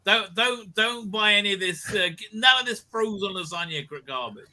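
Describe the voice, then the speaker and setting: A man rants emphatically on a panel show, stumbling over restarts as he pushes his point. His voice is high and very bright, with a sharp, cutting edge. He sounds worked up and insistent throughout. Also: expressive, normal speed. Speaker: guest panellist. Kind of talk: casual chat.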